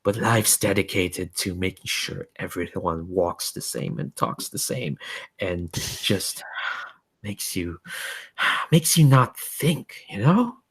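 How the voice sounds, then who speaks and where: Brief: man doing a jaded dimensional entity, smug and slow, low-pitched. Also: lively intonation, husky, full character voice. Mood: amused. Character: bored, mocking otherworldly being from another dimension.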